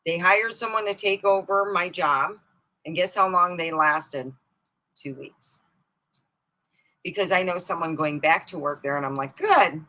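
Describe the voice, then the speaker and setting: A woman host telling funny family stories on a live stream, animated, often laughing and jumping into high excited squeals. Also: unhurried, rough recording. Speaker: comedic storyteller hosting a live stream. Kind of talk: casual stand-up style family storytelling. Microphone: streaming mic.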